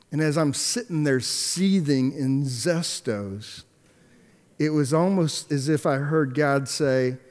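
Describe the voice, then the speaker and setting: Male pastor preaching a story, somewhat high-pitched, echoing church acoustics, stop-start delivery. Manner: animated storyteller, swings between hushed and emphatic; halting restarts and repeated words. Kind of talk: storytelling sermon. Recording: long echoey hall reverb.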